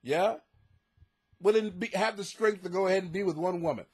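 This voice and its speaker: A man's voice: high-pitched, fairly quick, a little mellow, breathy edge. A man hosting a comedy podcast, ranting profanely with sarcastic mock outrage while reading listener letters. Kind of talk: crude comedic advice rant. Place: home basement.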